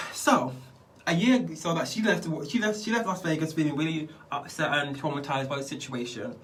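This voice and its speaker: A man's voice: a little high, normal speed, a bit bright, slight background noise. Chatty man talking from a distance. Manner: rambling, chatty, calls listener "girl", laughs often. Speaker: beauty vlogger. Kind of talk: casual commentary while doing skincare.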